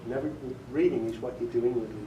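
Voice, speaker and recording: A medium-pitched man talks quickly against a noisy background, running a casual workshop on audiobook narration in a meeting room. He chats, laughs often, amuses himself and demonstrates inflections, and the room sounds echoey from a distant mic.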